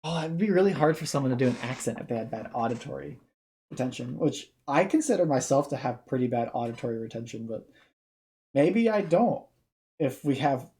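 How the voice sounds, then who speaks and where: A man's voice: mid-range voice, expressive, brisk, mellow. A young man giving casual reaction commentary, rambling off on tangents and restarting his sentences.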